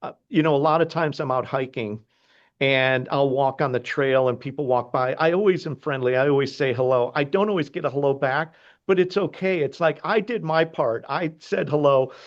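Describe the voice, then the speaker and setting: A man's voice: medium pitch, normal speed, lo-fi sound. A man hosting a podcast over a video call, earnest and effusive. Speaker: podcast host. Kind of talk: casual conversation.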